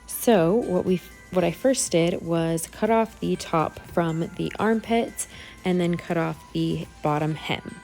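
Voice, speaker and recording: A woman giving a relaxed, step-by-step voice-over for a craft tutorial. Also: on the low side, takes it slowly, vocal fry, soft background music. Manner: easygoing, step-by-step explaining.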